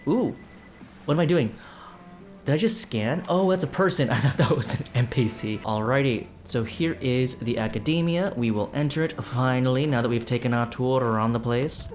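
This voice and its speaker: A man's voice: medium pitch, animated, normal speed, faint music behind. A man casually commenting on a video game playthrough, joking and offhand with frequent hesitant fillers. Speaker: let's play host. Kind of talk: gameplay commentary.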